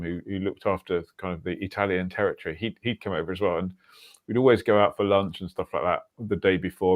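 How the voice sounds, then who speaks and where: A man hosting a casual livestream chat over a video call, rambling with fillers and restarts. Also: deep voice. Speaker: host.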